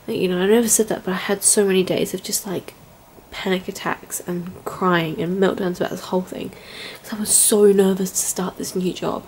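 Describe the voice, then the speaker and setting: A woman's voice: lowish voice, creaky, a little mellow, slight background noise. A young adult woman working as an au pair, talking in a rambling, chatty and heartfelt way in a casual vlog from indoors at home. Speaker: au pair vlogger.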